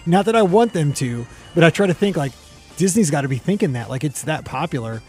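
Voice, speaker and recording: A man's voice: on the high side, animated, fairly quick, a little mellow, soft background music. Upbeat joking male podcast host. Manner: upbeat, joking, rambling asides. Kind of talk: casual podcast chat.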